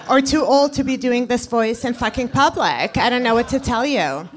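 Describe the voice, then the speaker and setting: Brief: female stand-up, non-native English speaker, self-mocking punchy delivery, pitch a touch high. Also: animated, moderate pace, hardly any pauses, a crowd in the background. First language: not English. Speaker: stand-up comedian. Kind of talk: live comedy set, double act.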